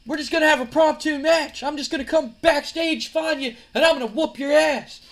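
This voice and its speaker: A man voicing a furious male wrestler who yells threats and challenges. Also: very high voice, a little fast, vocal fry, pitched above the performer's own voice, full character voice. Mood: angry shouting. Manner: yelling, threatening, heated.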